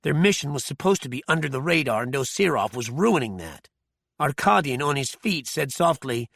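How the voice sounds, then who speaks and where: A man narrating an audiobook thriller in a measured, even storytelling manner. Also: medium pitch, vocal fry, dry recording, clean studio sound.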